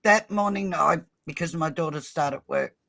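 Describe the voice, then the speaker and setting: A woman's voice: low voice, moderate pace, creaky, fairly bright tone. A woman in her fifties, a grandmother, chatting in an apologetic, emotional way on a livestream call. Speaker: regular viewer on a call. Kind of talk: casual livestream chat.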